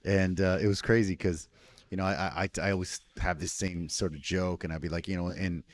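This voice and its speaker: A man's voice: low-pitched, steady tone, a little fast. A man from Canada telling stories in a casual chat as a podcast host, laid-back and swearing freely. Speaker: podcast host, restaurant owner.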